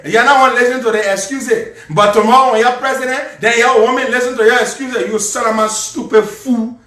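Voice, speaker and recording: A man's voice: high voice, steady tone, a little fast, sharp tone, echoey room. A man with a Liberian accent, ranting and mocking in angry live political commentary.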